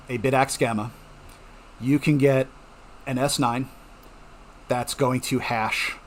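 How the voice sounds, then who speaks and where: A middle-aged man hosting a home mining channel talks casually to viewers, explaining things in a chatty, reassuring way and checking in often with "okay?" His mid-range voice is a bit bright, he coughs at times, and there is a little hiss or hum.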